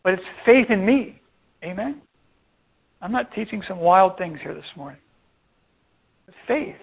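A pastor preaching a sermon with animated delivery, acting out the voices of people in the stories he tells. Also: high-pitched, a little slow, creaky, husky. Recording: tinny phone-like sound.

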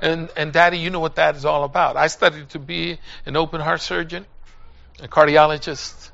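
An older man preaching a sermon, telling a personal story and building up to loud calls to his listeners. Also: a little high, little pitch movement, normal speed, vocal fry, dull audio. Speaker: pastor.

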